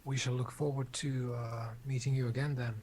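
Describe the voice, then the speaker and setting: A man speaks in character at a tabletop game, formal and measured. His voice sits in a middle register with a flat, even delivery. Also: mid-range voice, slight background noise. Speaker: player. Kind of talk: in-character role-play.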